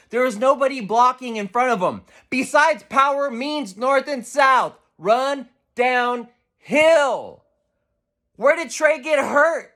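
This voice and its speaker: Heated, profane man ranting slowly. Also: very high voice, pushed and bright. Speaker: sports radio host. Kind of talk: football rant.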